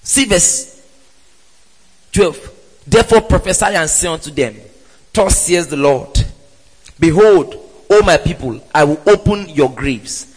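A man preaching a sermon in an emphatic way, with rhetorical questions and sudden loud exclamations. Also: fairly high pitch, animated, measured pace, long pauses, slightly rough. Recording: reverberant hall.

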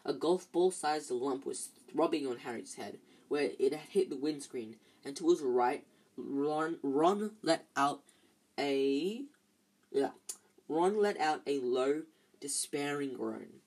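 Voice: medium pitch, takes it slowly, darkish tone. An amateur reader, tired, reading a novel aloud with frequent slips and restarts. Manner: stumbles and restarts often, tired.

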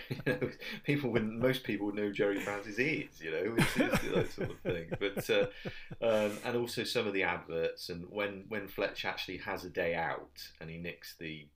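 A man's voice: on the low side, animated, moderate pace, fairly bright tone. A man chatting casually, retelling sitcom scenes with lots of restarts and acted-out lines. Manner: rambling, many restarts, acts out quoted lines.

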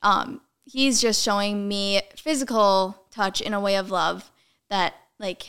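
Smooth-voiced young woman chatting casually. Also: mid-range voice, fairly even intonation, slow pace, fairly bright tone. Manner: chatty, giggly, lots of "like". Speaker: guest. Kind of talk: casual chat.

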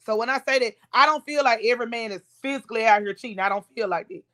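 A woman's voice: on the high side, rapid-fire, sharp tone. A woman co-hosting a casual podcast chat, opinionated and laying out her views step by step. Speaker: podcast co-host.

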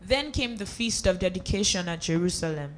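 A reader going through a Bible passage aloud at a steady pace, with a few small slips and restarts. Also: medium pitch, a little fast, a little hiss or hum. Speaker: scripture reader. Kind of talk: reading scripture aloud.

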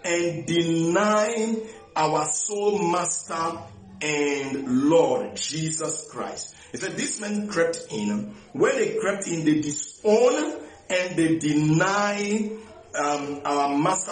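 A man preaching a sermon, repeating phrases slowly for emphasis, often restarting with short laughs between phrases. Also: a little high, animated. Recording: echoey room.

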